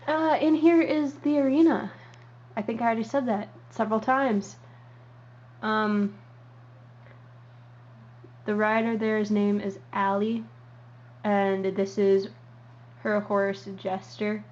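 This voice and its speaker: A woman's voice: mid-range voice, steady tone, slow pace, long pauses, darkish tone. A young woman giving a casual show-and-tell tour as a vlogger, rambling with lots of ums and uhs. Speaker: model horse hobby vlogger. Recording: dull lo-fi home recording with faint hiss.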